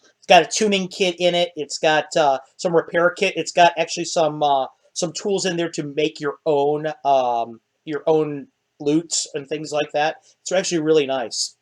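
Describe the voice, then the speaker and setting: A man narrating as dungeon master of a tabletop game, lively and quick to laugh. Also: a little high.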